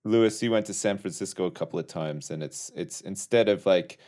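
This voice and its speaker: A man's voice: low voice, brisk, darkish tone. A man co-hosting a podcast, chiming in with short agreeing remarks. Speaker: podcast co-host. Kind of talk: casual podcast chat.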